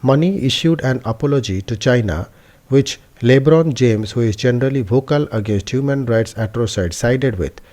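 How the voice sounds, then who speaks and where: A man reads a news explainer in a steady, measured way, now and then slipping and correcting himself. His voice sits at a middle pitch with a mellow, soft-edged tone. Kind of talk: scripted news narration.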